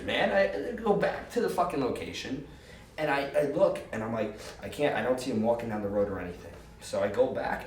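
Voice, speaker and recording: A man telling a long, profane, animated story in a casual interview, quoting people as he goes. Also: mid-range voice, recorded from a distance, a little hiss or hum. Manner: profane, animated anecdote with quoted voices. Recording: roomy, off-mic with faint ambience.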